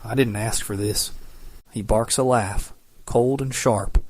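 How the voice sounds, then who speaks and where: A man reading a romance audiobook in scripted narration, steady and measured. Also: medium pitch, no echo.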